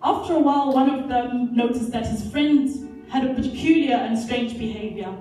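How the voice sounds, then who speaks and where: A woman addresses a conference with an earnest, emphatic motivational talk drawing on Bible examples. She repeats key phrases for weight. Her voice is high and mellow, caught from a distance in a very echoey hall with faint music. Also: normal speed. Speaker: conference speaker. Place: large indoor leisure centre hall.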